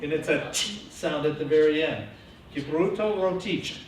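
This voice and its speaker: A man teaching a classroom lecture, lively and coaching his students. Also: fairly high pitch, moderate pace. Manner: lively, coaching students through name pronunciation. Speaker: teacher educator. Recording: echoey classroom from far off, faint hiss.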